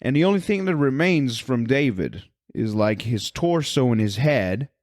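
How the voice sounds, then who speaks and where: A man co-hosting a podcast in casual chat, rambling excitedly, swearing a lot and acting out scenes in put-on voices. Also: mid-range voice, moderate pace. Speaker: podcast co-host.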